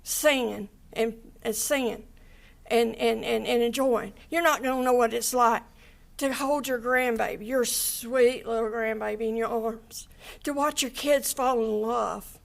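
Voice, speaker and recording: A woman's voice: on the high side, fairly even intonation, unhurried, vocal fry. An older woman giving an angry, impassioned statement in a courtroom, swearing and with her voice breaking into tears. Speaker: victim's family member giving an impact statement.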